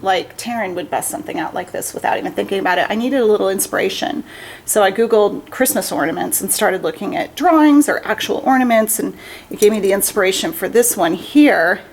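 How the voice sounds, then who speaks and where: A woman's voice: medium pitch, poor audio. A woman who owns a craft shop, hosting a casual livestream demonstration in a chatty, upbeat way and laughing often.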